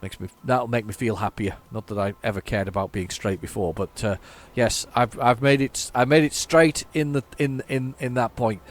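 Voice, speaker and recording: Man, game channel host, casual commentary, playful, mid pitch. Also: steady tone, moderate pace, hardly any pauses. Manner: playful, narrates his driving aloud.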